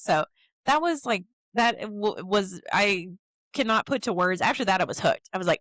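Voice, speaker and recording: A woman's voice: mid-range voice, moderate pace, no echo. A young woman, co-hosting a casual podcast chat and telling stories with acted-out quotes. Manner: animated storyteller, acts out quotes in changed voices. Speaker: podcast co-host.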